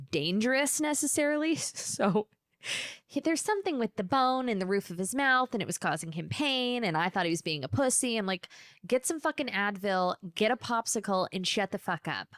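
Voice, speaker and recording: Woman in her 30s doing a solo podcast, swears a lot, acts out everyone in her story, mid pitch, dry close sound. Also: no echo. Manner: animated, profane, mimics people in quoted bits. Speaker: podcast host.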